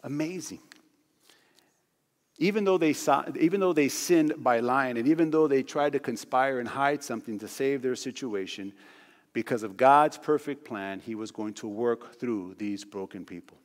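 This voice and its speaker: A man's voice: medium pitch, moderate pace. Emphatic male pastor in an echoing church. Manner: emphatic, repetitive phrasing. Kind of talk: sermon. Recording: long church hall reverb.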